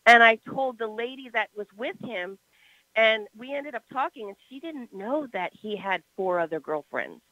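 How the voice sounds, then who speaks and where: A woman telling a story on a talk show, animated and expressive, with a bright, forceful voice. Her level swings from loud to soft. The sound is dry and a bit dull. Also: a little high, normal speed, no room sound.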